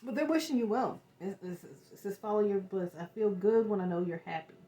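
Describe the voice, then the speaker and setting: A woman giving an emotional tarot reading, talking in halting, searching bursts with repeated words. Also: mid-range voice, dark tone. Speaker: tarot reader. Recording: echoey room.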